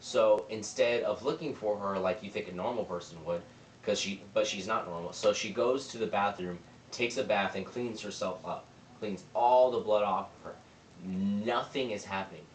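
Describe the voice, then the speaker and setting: A man's voice: lowish voice, normal speed, a little hiss or hum. Young man recapping a movie plot. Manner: rambling, retells scenes with quoted lines. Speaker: movie reviewer. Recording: roomy, distant mic with faint ambience.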